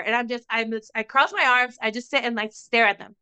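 Animated, profane young woman storyteller. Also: on the high side, brisk, clean tone, no echo. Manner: animated, profane, acts out quotes of others. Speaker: podcast co-host. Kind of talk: casual storytelling chat.

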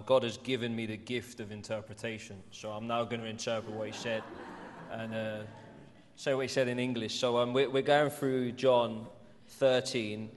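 A man leading a church service as pastor, introducing a reading in a friendly, informal way. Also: lowish voice. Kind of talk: sermon. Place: church hall. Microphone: clip-on mic. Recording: echoey church hall.

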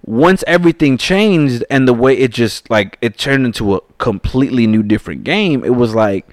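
Excitable male podcast co-host. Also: normal speed, no echo, studio quality. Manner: excitable, animated swings in pitch, stumbling restarts. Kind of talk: casual gaming podcast chat.

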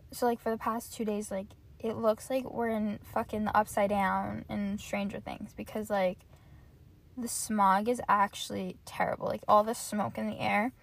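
A woman's voice: fairly high pitch, gravelly. A young woman hosting her own podcast, chatting casually and ranting, cursing freely and saying "like" in nearly every phrase. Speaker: podcast host. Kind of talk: casual solo podcast rant.

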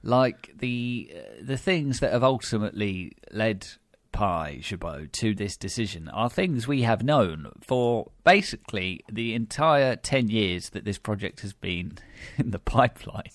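A man's voice: fairly low pitch, lively intonation, unhurried, hardly any pauses, dry recording. A British man hosting a podcast, chatting wryly with many fillers and restarts. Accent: British English. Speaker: podcast host. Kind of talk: casual podcast chat.

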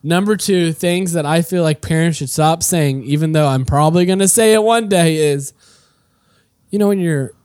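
A man co-hosts a laid-back podcast, talking in quick, jokey bursts. His voice sits fairly high. The sound is dry and close. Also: a little mellow, clean tone, dry recording. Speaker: podcast co-host. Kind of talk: casual chat.

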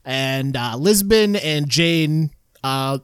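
A man's voice: a little high, lively intonation, very slow, clear, resonant tone, no room sound, clean studio sound. A man casually recapping a TV episode in a rambling way, with lots of fillers and laughter. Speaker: podcast co-host.

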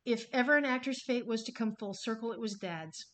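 A woman's voice: on the high side, fairly quick, a bit bright. A woman hosting a podcast, telling film history in a casual, enthusiastic way with some swearing. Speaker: podcast host.

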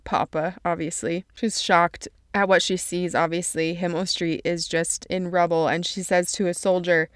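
A woman's voice: on the low side, level tone, normal speed, hardly any pauses, smooth, no room sound, clean studio sound. A woman reading passages from a novel and retelling the story, emotional and crying as she goes. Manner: emotional, tearful at moments. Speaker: book summary reader. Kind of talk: reading and summarizing a novel aloud.

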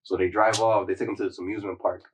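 A young man in casual chat, retelling a show in a loose, slangy, animated way. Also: low voice, rapid-fire, recorded from a distance, slight background noise, poor audio. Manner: loose, slangy storytelling with frequent "like" and laughter. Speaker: podcast co-host recapping a show.

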